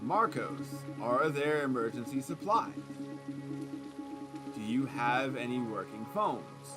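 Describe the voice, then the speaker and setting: Brief: man voicing a calm cop, firm and reassuring, slow low-key delivery. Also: music in the background. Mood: steady. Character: calm male police officer, adult.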